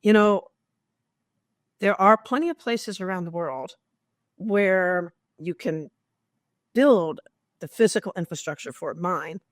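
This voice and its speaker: A woman answering interview questions at an even, measured pace, leaning on key words and posing rhetorical questions along the way. The sound is close and dry, with no room around it. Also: lowish voice, no room sound. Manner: measured, explanatory, with emphatic stress and rhetorical questions. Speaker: guest expert.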